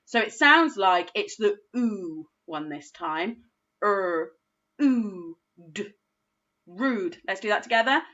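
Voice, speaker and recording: A woman teaching a recorded phonics lesson to young children, slowly sounding out each word in a patient, encouraging way. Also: mid-range voice, very animated, sharp tone, lo-fi sound. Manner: slow, patient, sounding out words. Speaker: primary school teacher.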